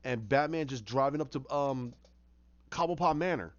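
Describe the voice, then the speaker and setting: A man excitedly telling a movie idea as a casual story, acting out scenes with sound effects. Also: medium pitch, normal speed. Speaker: fan pitching a film idea. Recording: muffled lo-fi recording.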